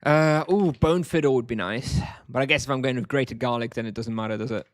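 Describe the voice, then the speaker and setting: A man's voice: mid-range voice, a little fast, dry recording. Wry man streaming a game. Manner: wry, offhand, answers chat between moves. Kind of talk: casual live-stream chat while gaming.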